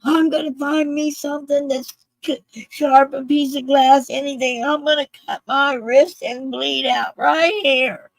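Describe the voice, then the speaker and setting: A person telling a story and putting on the voice of an angry, overheated male veteran in a wheelchair, loud and cantankerous. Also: mid-range voice, expressive, measured pace, gravelly, pauses often, no room sound. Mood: desperate.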